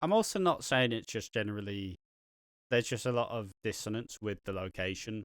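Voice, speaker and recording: A man co-hosting a podcast, talking in an animated, opinionated way with some swearing. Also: fairly low pitch, normal speed, dry recording, clean studio sound. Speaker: podcast co-host. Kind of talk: casual chat.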